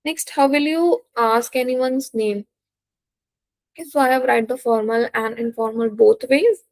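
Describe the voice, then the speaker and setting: A young woman with a somewhat high, darkish voice teaches a slow beginner French lesson at a measured pace in a dry recording. She patiently repeats each word and often checks in with "okay?", using non-native English phrasing.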